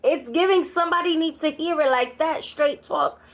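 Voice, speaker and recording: A spiritual card reader with a New York Puerto Rican accent gives a channeled reading, chatty and blunt, tossing in laughing asides. Her voice sits high and fairly bright, at normal speed, in a solo creator recording.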